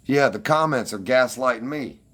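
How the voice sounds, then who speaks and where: A man's voice: mid-range voice, moderate pace, a bit bright. A man ranting defensively and with heavy profanity at his livestream commenters.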